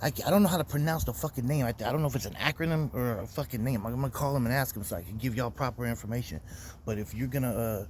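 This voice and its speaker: A young man recapping his weekend in a loose, profane rant. His voice sits at an average pitch and he talks in a heated, conversational way. A faint background noise runs under the recording. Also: fast, darkish tone. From Florida. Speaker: podcast host. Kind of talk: casual storytelling rant.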